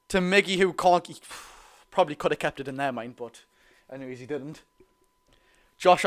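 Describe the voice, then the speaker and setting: Excitable Geordie football fan, high voice. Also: male voice, clear, resonant tone. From North East England. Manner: excitable, swings between shouting and muttering. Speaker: football watch-along host. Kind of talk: live fan commentary.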